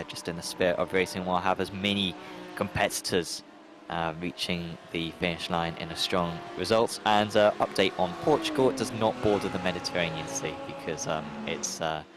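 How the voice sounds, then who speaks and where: A man's voice: low voice, fairly even intonation, moderate pace, noisy background. A man commentating on a sim race, talking in a rambling, hesitant way with lots of fillers and restarts.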